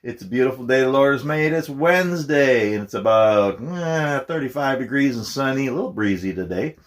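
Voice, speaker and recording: A middle-aged YouTuber from Minnesota rambles through a casual vlog in a mid-range voice at a moderate pace. He's self-deprecating and laughs often.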